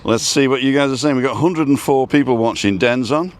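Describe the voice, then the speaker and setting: A man's voice: mid-range voice, fairly quick. A man hosting a casual outdoor live stream, rambling and reading out viewer comments as he goes.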